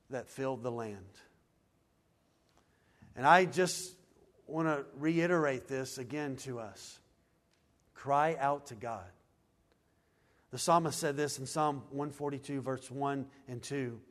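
A man with a high voice preaches a sermon. He is earnest, rising into loud pleading and then dropping to hushed, low lines. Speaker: pastor.

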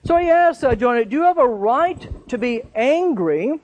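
High-voiced man teaching Bible study. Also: animated, normal speed, lo-fi sound. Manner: conversational, asks rhetorical questions.

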